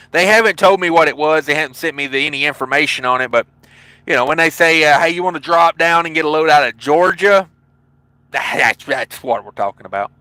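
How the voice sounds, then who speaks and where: A man's voice: a little high, bright, forceful tone, no echo, poor audio. A man with a Southern accent from Tennessee, a trucker hosting a casual livestream from his truck cab, reading viewer comments with laid-back, jokey asides. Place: parked truck cab at a truck stop.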